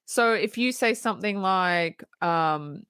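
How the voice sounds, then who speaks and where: A woman's voice: fairly low pitch, slow, fairly bright tone, clean tone, dry recording. Blunt woman, dry close mic. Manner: blunt, frequent fillers and restarts. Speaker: podcast co-host. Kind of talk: casual film review chat.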